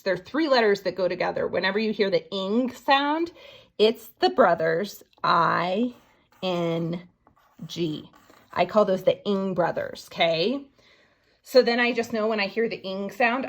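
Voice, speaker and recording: A woman teacher giving a phonics writing lesson to young children, slowly sounding out each word letter by letter. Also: medium pitch. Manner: slow, sounding out words letter by letter.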